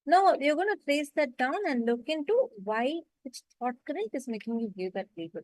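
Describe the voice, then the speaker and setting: Her voice is high and expressive, darker in tone, and moves at a normal speed as she guides an online spiritual session. As the meditation facilitator, she walks participants through each step patiently and keeps confirming they understand, though the audio quality is poor.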